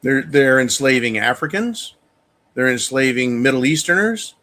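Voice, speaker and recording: A man's voice: mid-range voice, expressive, moderate pace, bright, forceful tone. A man hosting a show, delivering an angry, profane monologue rant. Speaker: show host. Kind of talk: opinion monologue.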